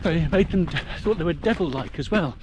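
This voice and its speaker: A man's voice: a little high, animated, moderate pace. A middle-aged man giving a chatty, explanatory commentary while running a muddy rural trail. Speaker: vlogger. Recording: noisy outdoor recording.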